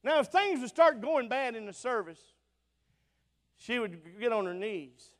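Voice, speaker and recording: A man from Alabama with a Southern accent preaching a revival sermon through a sound system in a church auditorium, fervent and plain-spoken, swinging between loud bursts and soft asides. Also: very high-pitched, animated, measured pace. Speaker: visiting preacher. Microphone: church sound system mic. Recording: long auditorium reverb.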